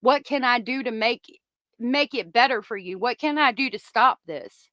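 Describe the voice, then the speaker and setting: A woman rants angrily at her viewers, swearing freely in a heated commentary style. Her voice sits a little high. She is close on her microphone in a dry, dead room. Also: moderate pace, sharp tone, dry recording. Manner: angry, profane, ranting at viewers. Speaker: commentary channel host. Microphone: close desk microphone.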